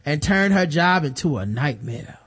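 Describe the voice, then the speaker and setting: A man co-hosting a laid-back podcast, talking in an animated, profane way and acting out the people he describes. His voice sits a little higher than most men's. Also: normal speed, breathy edge. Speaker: podcast co-host. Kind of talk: casual chat.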